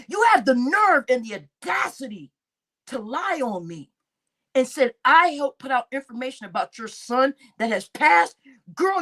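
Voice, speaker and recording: Woman, high voice, livestream host, heated rant, profane, repetitive. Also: fairly bright tone. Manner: angry, profane, repeats herself.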